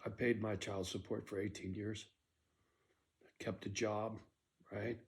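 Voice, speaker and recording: A man's voice: on the low side, little pitch movement, measured pace. A middle-aged man ranting in a personal vlog monologue, aggrieved and bitter, checking in with his listeners again and again. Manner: aggrieved rant with frequent "right?" tags. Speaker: vlogger.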